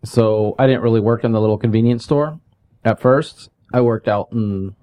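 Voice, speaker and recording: A man's voice: on the low side, normal speed, mellow. Man telling a casual story. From California. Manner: storytelling, puts on voices when quoting people. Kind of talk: casual chat.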